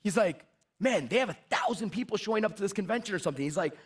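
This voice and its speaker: A high-pitched man speaking to an audience about sales, animated and emphatic. He tells stories and acts out the dialogue, hammering his main points home by saying them again. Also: fast talker, husky. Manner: emphatic, repeats key phrases. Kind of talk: motivational talk with storytelling.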